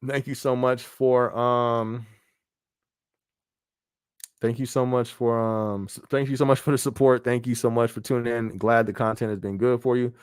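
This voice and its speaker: A man's voice: mid-range voice, normal speed, clean tone, no room sound, clean studio sound. Laid-back man hosting a live chat. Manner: relaxed, laughs often, reads viewer comments aloud. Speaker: podcast host. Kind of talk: casual live-stream chat.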